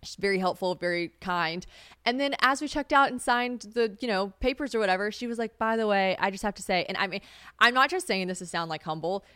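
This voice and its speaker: A woman's voice: a little fast, fairly bright tone, clear, resonant tone, dry recording, clean studio sound. A young woman hosting a casual solo podcast, chatty and swearing freely, often acting out what others said. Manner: chatty, swearing, laughs, acts out quotes in a high voice. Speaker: podcast host.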